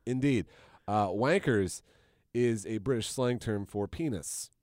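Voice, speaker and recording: Co-host man, lowish voice, stuffed up with a cold, dry deadpan asides, close dry sound. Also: a little slow, no echo. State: head cold. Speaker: podcast co-host. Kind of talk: casual podcast chat.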